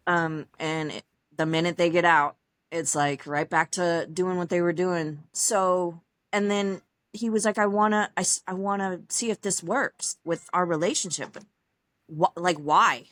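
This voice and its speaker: A young adult woman, a podcast guest, telling her personal story in a casual, animated way, acting out other people's lines with laughs and fillers along the way. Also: lowish voice, measured pace, no room sound. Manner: animated, acts out quoted dialogue, frequent laughs and fillers.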